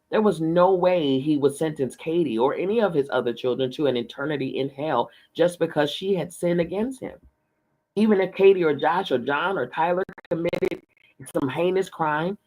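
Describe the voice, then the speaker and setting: A man reading a novel aloud in a measured, steady storytelling manner. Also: a little high. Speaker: book reader.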